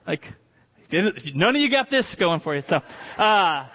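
High-voiced man preaching in a reverberant hall. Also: slow pace. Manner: animated storytelling with joking asides. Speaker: pastor. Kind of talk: sermon. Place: church hall with congregation. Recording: long reverb of a large hall.

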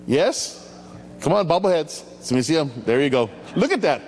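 A male pastor preaching in an animated, playful way, calling out to the congregation for responses. His fairly high voice carries through a hall with a long echo. A faint hum sits under the recording. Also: normal speed. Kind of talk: sermon. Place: church hall.

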